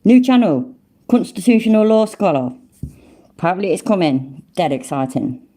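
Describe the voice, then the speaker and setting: An older woman hosts a casual live stream and chats to her viewers in a lowish, mellow voice. She swears freely and calls people love and mate. Her talk is loose and full of asides. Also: lively intonation, moderate pace. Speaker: livestream host.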